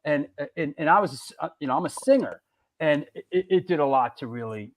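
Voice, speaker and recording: A man's voice: a little high, lively intonation, normal speed. A middle-aged man hosting a casual chat, rambling and restarting his sentences. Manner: rambling, repeats words and restarts often. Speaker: host.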